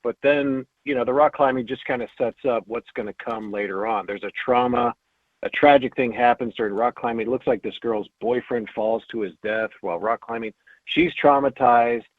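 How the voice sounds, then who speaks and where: A man's voice: mid-range voice, moderate pace, no echo. A man chatting casually as a guest co-host, joking and rambling. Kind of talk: casual chat. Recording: tinny phone-line sound.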